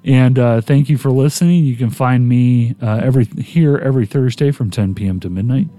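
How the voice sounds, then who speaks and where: A man's voice: medium pitch, fairly quick, mellow, dry recording. A man hosting a podcast, telling a long, rambling story in casual chat. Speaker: podcast host.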